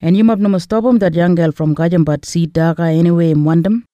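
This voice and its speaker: A man's voice: a little high, steady tone, quick pace, mellow, dry recording, highs cut off, natural voice. A man with an Australian Kriol accent voicing Boaz, a gracious wealthy male landowner, in a Bible story reading. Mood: kindly.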